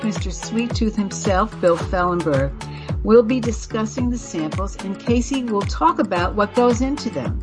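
A woman hosting a casual radio chat, tasting cookies on air, chatty and laughing often. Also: medium pitch. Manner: chatty, laughs often, talks with mouth full. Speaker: radio show host.

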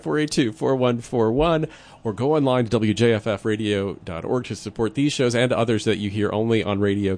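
Man making a public radio fund drive pitch. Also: a little mellow. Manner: friendly, jokey, repeats phone number.

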